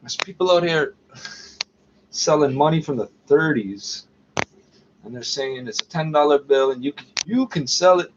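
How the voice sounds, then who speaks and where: A Canadian vlogger mutters through a casual, rambling monologue, swearing and tossing in asides that end in "eh?". His voice sits on the high side, at a moderate pace with long pauses. It's a lo-fi home recording with a noisy background.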